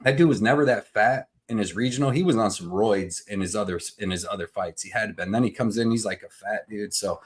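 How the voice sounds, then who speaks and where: A man hosting a live betting show, chatting loosely, joking and shouting out names from the chat. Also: on the low side, brisk, few pauses. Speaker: podcast host.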